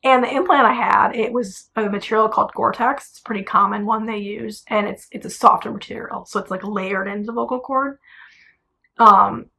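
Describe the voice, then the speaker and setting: Young woman, singer, casual vlog to camera, bright and forceful, blunt, cusses freely. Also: mid-range voice, fairly quick, vocal fry. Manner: animated, blunt, swears casually. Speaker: singer telling her story.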